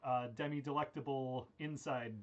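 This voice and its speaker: A slinky, sweet-talking male fox oozes smarmy compliments, stumbling over his words as he angles for a treat, as a man puts him on. His middle-pitched voice lifts a little into a wheedling tone, told as an improvised comic tale over a video call. The bit stays loose and playful. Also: dull audio, close to an everyday voice. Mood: flattering. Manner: smarmy, wheedling flattery with halting restarts. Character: sly, flattering male fox.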